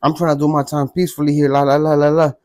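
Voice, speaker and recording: A man's voice: mid-range voice, flat delivery, fairly quick, dry recording, clean studio sound, natural voice. A man voicing an angry older male prison gang elder who speaks in clipped, furious bursts.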